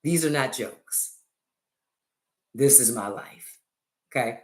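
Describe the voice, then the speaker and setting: A middle-aged woman with a very deep voice takes her time as she hosts a casual livestream chat into a phone. She's chatty and jokey, telling stories with theatrical flair, and the recording has an echoey room sound.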